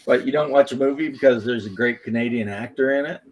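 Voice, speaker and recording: A man in a relaxed podcast chat, talking about drinks and joking wryly with his friends. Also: medium pitch, fast talker, poor audio. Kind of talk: casual chat.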